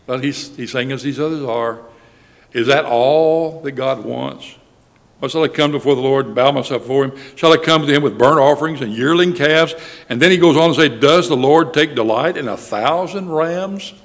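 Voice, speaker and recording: A man preaching a Sunday sermon, with a measured delivery that slows down when he reads scripture aloud. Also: mid-range voice. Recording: reverberant hall.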